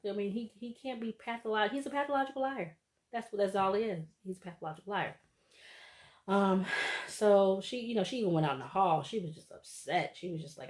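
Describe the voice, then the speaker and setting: A woman's voice: mid-range voice, brisk, a little mellow. A woman casually recapping a reality TV episode, chatty and laughing often as she acts out what people said.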